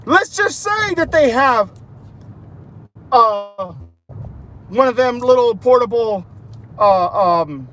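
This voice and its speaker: A man's voice: high voice, big pitch swings, a little slow, pauses often, fairly bright tone. A man hosting a livestream, talking speculatively and addressing his listeners directly, recorded outdoors near traffic. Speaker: livestream host. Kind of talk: speculative live-stream talk.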